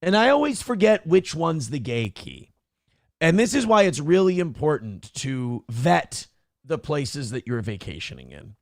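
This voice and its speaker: A man's voice: on the high side, sing-song, measured pace, no echo, studio quality. A man hosting a morning show, talking in a crude, profane and mocking way as casual opinionated chat.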